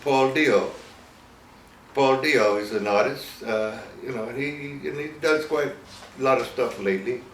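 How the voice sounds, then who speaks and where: A man's voice: mid-range voice, a little slow. A man in his eighties with a Southern American accent, telling stories in a rambling, chuckling way during an interview. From Virginia, US. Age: 80s. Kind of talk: casual storytelling interview. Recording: roomy, distant mic with faint noise.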